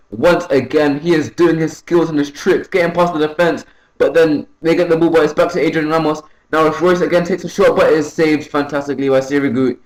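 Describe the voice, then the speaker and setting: A man's voice: a little high, roomy sound, low-quality recording. A young man giving casual, rambling play-by-play commentary over a football video game, correcting himself often and perking up when a goal goes in. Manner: rambling, self-correcting, excitable on goals. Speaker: gaming YouTuber.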